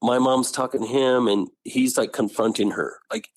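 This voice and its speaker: A middle-aged man tells his family story in a close, dry recording. He talks animatedly and keeps voicing what relatives said, with his pitch jumping high for their lines. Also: fairly even intonation, moderate pace, no echo. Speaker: guest telling his story. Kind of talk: personal storytelling interview.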